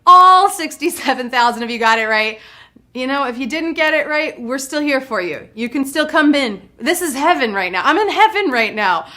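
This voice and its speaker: A woman's voice: high voice, expressive, normal speed, bright, forceful tone. A young woman hosting a live trivia game show, bubbly and full of playful puns. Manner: bubbly, punny, playful banter.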